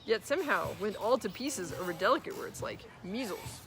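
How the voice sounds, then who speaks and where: Animated woman reading a children's story. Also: medium pitch, normal speed, over music. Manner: animated, with chatty asides and laughs. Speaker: guest storyteller. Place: at home with her son near a swing.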